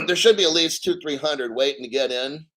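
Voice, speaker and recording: Brief: male live-stream host, somewhat high voice, excitable and foul-mouthed, slow when reading aloud, quick when riffing. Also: husky. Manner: profane, excitable, mock tearful; reads article aloud slowly, then riffs. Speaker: crypto show host. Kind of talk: live-stream commentary with callers.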